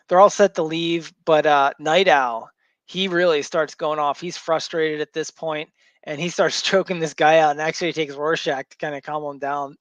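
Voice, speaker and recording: A man's voice: a little high, no room sound. A man hosting a comic book show, casually retelling a story with lots of fillers and restarts. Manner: rambling, filler-heavy retelling.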